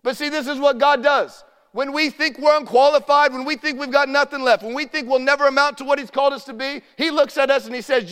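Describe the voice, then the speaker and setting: A male pastor preaching a sermon, building to shouts at his peaks and sinking to a hushed voice in quieter moments. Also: extremely high pitch, fairly even intonation, quick pace, few pauses, big-room sound. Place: church hall.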